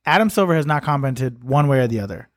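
A man's voice: medium pitch, animated, fast talker, dry recording. A man co-hosting a sports podcast, talking bluntly with swearing and frequent laughter. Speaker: podcast co-host. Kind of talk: casual sports chat.

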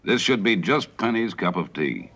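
A man's voice: on the low side, big pitch swings, normal speed, loud music behind the voice. An actor playing a middle-aged father who heads a rescue team, speaking steadily and with authority. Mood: businesslike. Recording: dull vintage TV soundtrack.

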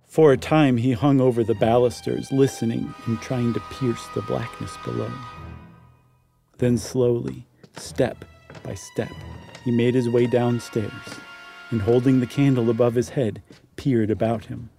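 A man's voice: medium pitch, fairly even intonation, a little slow, creaky, mellow, faint music behind. A man co-hosting a podcast, recapping and reading a ghost story aloud in an upbeat, chatty way. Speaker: podcast co-host and reader.

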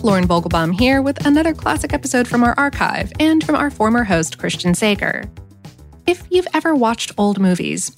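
A woman hosting a podcast, giving a brisk, friendly scripted introduction into a studio mic. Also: a little high. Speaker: podcast host.

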